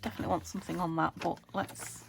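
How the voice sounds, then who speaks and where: A British woman hosting a craft channel, chatting casually as she works, talking to her materials with murmured asides and a slightly croaky voice. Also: on the low side, little pitch movement, fast talker, noisy background. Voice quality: a bit croaky. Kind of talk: casual chat while crafting.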